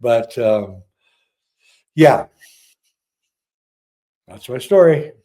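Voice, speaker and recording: Middle-aged male storyteller, warm dark tone, lively re-enactor of dialogue. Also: mid-range voice, drawn-out words. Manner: animated, acts out dialogue. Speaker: filmmaker guest. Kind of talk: personal storytelling.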